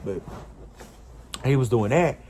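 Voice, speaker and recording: Animated man telling a storytime. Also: mid-range voice, takes it slowly, slight background noise. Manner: animated, repetitive, emphatic retelling. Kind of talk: casual storytime.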